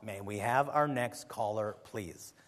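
A calm older radio Bible teacher, as a preacher puts him on, much lower and quieter than the preacher's own voice. He speaks in slow, flat, matter-of-fact answers. A long hall reverb trails each word.

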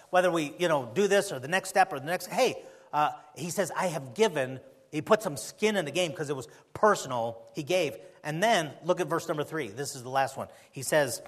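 A man's voice: fairly high pitch, lively intonation, fairly quick, fairly bright tone. A man preaching a sermon as pastor, pressing the congregation with repeated rhetorical questions.

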